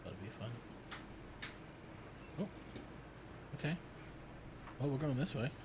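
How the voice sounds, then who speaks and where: A man's voice: medium pitch, animated, slow, heavy background noise. A man streaming live, chatting casually, joking, swearing and talking to his dog. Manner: playful, swears a lot, talks to his dog.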